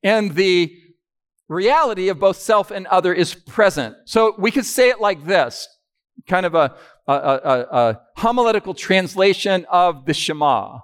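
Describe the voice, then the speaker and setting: A man's voice: sits high, lively intonation, measured pace, clear, resonant tone. A man preaching a sermon to a live audience, teaching step by step and asking them questions as he goes.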